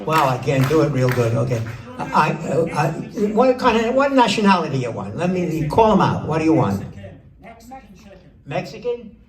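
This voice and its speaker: A man's voice: on the high side, big pitch swings, brisk. A man in his eighties with a sore throat, doing rambling, self-mocking stand-up with animal noises at a roast. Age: 80s. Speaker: comedian. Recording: echoey room, far mic, crowd and noise.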